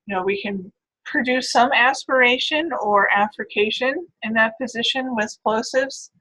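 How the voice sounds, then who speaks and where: Bright-voiced woman lecturing on phonetics. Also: on the high side, normal speed, poor audio. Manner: explanatory, with frequent "right?" and "all right". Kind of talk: recorded classroom lecture.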